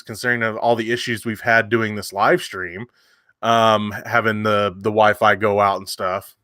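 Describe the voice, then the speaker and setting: A man's voice: medium pitch, pushed and bright, no room sound, clean studio sound. A man, hosting a livestream and telling a long story in casual chat with many fillers and restarts. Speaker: livestream host.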